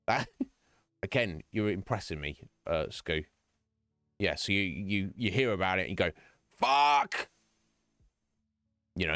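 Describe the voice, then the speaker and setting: Speaking earnestly to his stream chat, a man with a low, deep voice rambles and keeps restarting sentences in casual conversation. His tone is fairly bright, and the recording is dry and close with no room echo.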